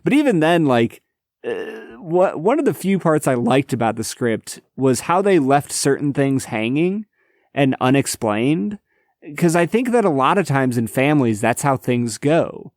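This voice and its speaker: A man's voice: mid-range voice, very animated, unhurried, a little mellow, no room sound, studio quality. Laid-back man, casual podcast co-host. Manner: laid-back, reflective, uses "man" and "dude". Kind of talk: casual chat.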